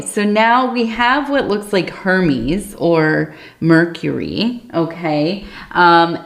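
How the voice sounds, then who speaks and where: A woman giving an ASMR tea leaf reading, talking softly and meandering with many fillers. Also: lowish voice, roomy sound.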